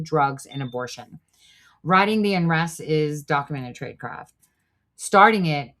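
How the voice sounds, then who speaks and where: A woman with a low voice hosts a live-streamed commentary show. She is blunt and swears freely, cutting her reading with asides to the chat. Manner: blunt, profane, talks back to live chat. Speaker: show host.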